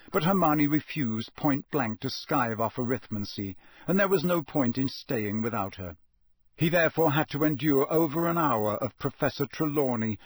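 Man, audiobook narration, husky voice, dry close sound, steady. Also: mid-range voice, no room sound. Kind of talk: scripted narration.

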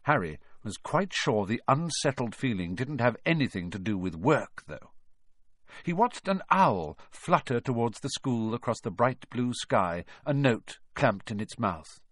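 A man narrating a storybook in an expressive, lively reading. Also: medium pitch, a little slow, no room sound, studio quality. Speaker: audiobook narrator.

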